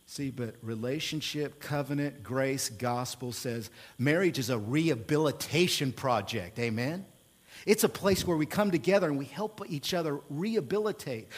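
A man pastor preaching a sermon, swinging from hushed, low moments to loud, emphatic passages and asking the room for a response.

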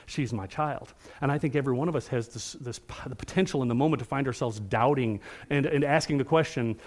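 A man's voice: medium pitch, lively intonation, a little fast, few pauses, a little mellow. Man preaching, middle-aged, earnest, conversational, asks the room questions. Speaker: pastor. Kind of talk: sermon.

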